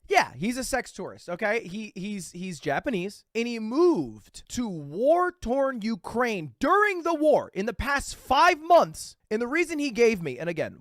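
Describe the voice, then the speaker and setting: A young man talks casually to his live chat in a slightly high, very lively voice, swinging up and down as he jokes. He rambles, restarts and laughs between lines, and the sound is close and dry. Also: no room sound. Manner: animated, joking, laughs between remarks. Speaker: streamer.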